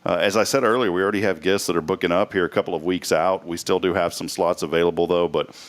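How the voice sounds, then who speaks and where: Joking low-voiced man hosting a talk show. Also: fairly even intonation, fast talker. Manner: joking, rambling storyteller. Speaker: host. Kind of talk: casual chat.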